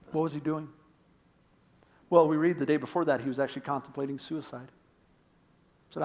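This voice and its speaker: A man preaching a sermon as pastor, earnest, swinging between emphatic points and hushed, quiet lines. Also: fairly high pitch, little pitch movement, brisk, pauses often, slight background noise.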